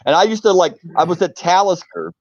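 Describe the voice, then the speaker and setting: A middle-aged man from the United States, a guest on a live video chat, telling stories in a casual, animated way and acting out the quotes. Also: high-pitched, brisk, dry recording, highs cut off. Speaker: interview guest. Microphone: video call.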